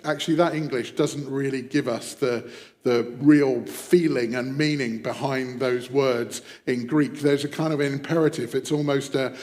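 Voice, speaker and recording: A man preaching a devotional sermon, reflective, dropping his voice to a hush when voicing quoted prayers. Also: medium pitch, unhurried, in a large hall. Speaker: pastor.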